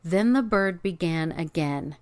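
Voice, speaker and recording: A woman narrating a fairy tale in a measured, expressive reading. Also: on the low side. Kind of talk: storybook narration.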